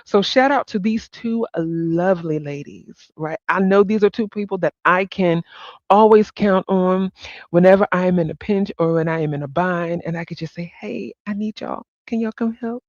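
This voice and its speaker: A woman's voice: on the low side, moderate pace, no echo, lo-fi sound. A woman hosting a casual livestream chat, talking to viewers by name and laughing often. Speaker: livestream host.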